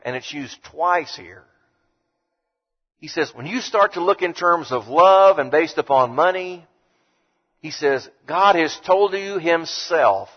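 A man preaching a sermon emphatically, slowing down to read verses. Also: on the high side, husky. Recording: dull lo-fi sound with long hall reverb.

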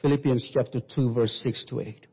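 A man preaching a sermon, slowly telling a story and quoting scripture. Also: medium pitch, fairly even intonation, slightly rough. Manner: slow, sweeping preaching with Bible quotes. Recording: dull reverberant hall recording.

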